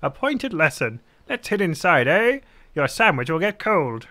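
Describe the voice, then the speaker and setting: A man's voice: a little high, big pitch swings, a little slow, sharp tone, heavily acted. A man voicing a wry male rogue guild member in a fantasy game cutscene, speaking in a dry, casual way.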